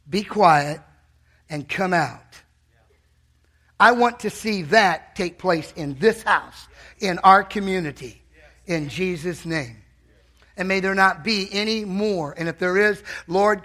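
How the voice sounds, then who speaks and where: Fired-up preacher guy in church, high-ish voice, bright and punchy, yells out bits of the sermon. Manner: impassioned preaching with sudden loud shouted bursts.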